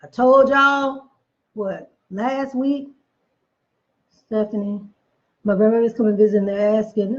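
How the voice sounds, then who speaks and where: A woman's voice: mid-range voice, fairly even intonation, unhurried, long pauses, lo-fi sound. A woman giving a casual motivational talk, emphatic and preachy, repeating phrases for effect, with chatty folksy asides. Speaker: motivational speaker.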